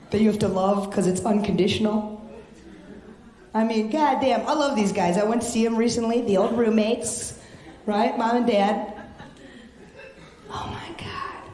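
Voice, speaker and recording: A young woman doing a brash, profane stand-up set with loud exasperated outbursts. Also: medium pitch. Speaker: stand-up comedian. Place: comedy club stage. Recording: echoey club stage.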